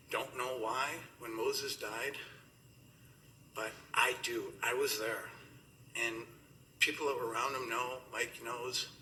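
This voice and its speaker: Bright-voiced man giving a eulogy. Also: mid-range voice, a little hiss or hum, poor audio. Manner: rambling and emotional, laughing through stories. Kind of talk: funeral eulogy. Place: funeral gathering indoors.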